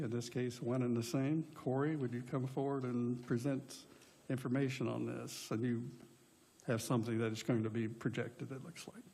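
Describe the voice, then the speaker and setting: A man with an Indiana accent chairing a county planning meeting, speaking slowly and deliberately. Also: medium pitch, gravelly, darkish tone.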